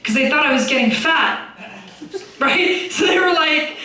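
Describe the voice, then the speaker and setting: A young woman doing a stand-up comedy set, blunt and swearing, deadpan about dark topics. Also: sits high, measured pace, heavy reverb, distant mic, poor audio. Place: comedy club stage.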